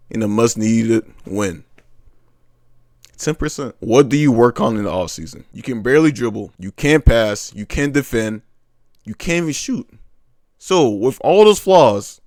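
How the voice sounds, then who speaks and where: A man's voice: medium pitch, no echo, clean studio sound. A young man giving casual, blunt ranting commentary as a sports fan, exasperated and repetitive.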